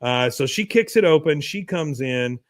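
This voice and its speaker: A man's voice: fairly high pitch, lively intonation, normal speed, no echo, studio quality. A man hosting a podcast, recapping a cartoon episode in a wry, chatty way. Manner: wry, chatty storytelling with fillers. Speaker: podcast host.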